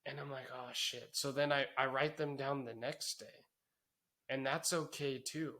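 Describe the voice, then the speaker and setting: A man's voice: medium pitch, level tone, unhurried, pushed and bright. A man co-hosting a podcast, speaking candidly and reflectively in casual chat, with some swearing. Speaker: podcast co-host.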